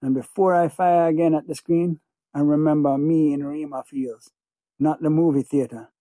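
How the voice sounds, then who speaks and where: A man's voice: a little high, steady tone, normal speed, warm tone, no echo. A man narrating an audiobook in the first person, in a feverish, obsessive way with heavy repetition.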